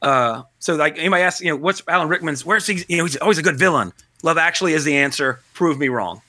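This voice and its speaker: A man's voice: fairly high pitch, animated, fast talker, pushed and bright, no room sound. A man hosting a podcast in casual, rambling chat, joking at his own expense. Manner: rambling, self-deprecating, joking. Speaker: podcast host.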